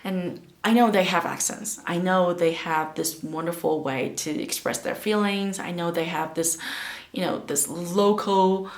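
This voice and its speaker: A woman who speaks English as a second language, giving learning tips in a casual, emphatic talk to camera and pausing to search for words. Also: mid-range voice, reverberant. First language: not English.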